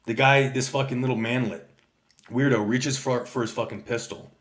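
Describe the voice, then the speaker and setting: A man's voice: medium pitch, steady tone, moderate pace, fairly bright tone. A man livestreaming a casual rant, telling stories in a rambling, heavily profane way and answering his chat. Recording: echoey room.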